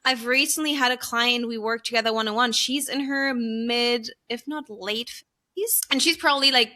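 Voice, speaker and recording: A woman's voice: a little high, normal speed, pushed and bright. A woman in her thirties from Germany, talking openly as a podcast guest, earnest, with many fillers and easy laughs. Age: 30s. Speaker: podcast guest, business coach. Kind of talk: candid podcast conversation.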